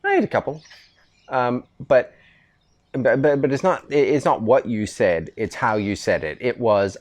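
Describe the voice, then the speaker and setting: Here a middle-aged man talks at a moderate pace in a mid-range voice with lively intonation. Hosting a podcast on an outdoor veranda, he has a casual chat with his son, rambling through stories and restarting as he goes.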